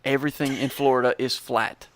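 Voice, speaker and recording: A man in his thirties co-hosting a podcast, telling a story in a profane, deadpan way. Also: medium pitch, brisk. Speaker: podcast co-host. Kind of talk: casual storytelling chat.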